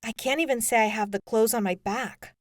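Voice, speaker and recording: A woman's voice: fairly high pitch, a little fast, no echo, natural voice. A woman voicing an upset, vulnerable teenage girl in an audiobook, speaking earnestly and close to tears. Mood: distressed. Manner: tearful, earnest pleading. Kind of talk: audiobook character voice.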